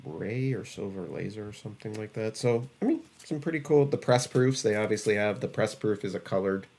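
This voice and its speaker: A man's voice: lowish voice, expressive, a little fast, darkish tone. A man co-hosting a podcast, chatting casually about trading cards, rambling with many fillers and restarts. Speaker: podcast co-host.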